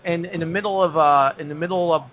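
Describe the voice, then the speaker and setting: A man from New Jersey hosting a casual comedy talk show, chatty and quick to laugh, often repeating "listen". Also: on the high side, steady tone. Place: pub. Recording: tinny phone-like audio.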